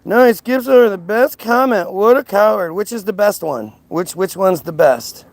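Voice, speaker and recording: A man with a high, raised voice delivers an agitated livestream rant. He speaks in quick bursts, mocking and confrontational as he answers comments from his chat. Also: lively intonation, a little hiss or hum. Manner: combative and mocking. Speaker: live streamer.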